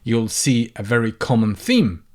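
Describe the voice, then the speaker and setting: A man's voice: medium pitch, expressive, measured pace. A man teaching a language lesson, patiently saying each example phrase several times before explaining it. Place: lives in the UK.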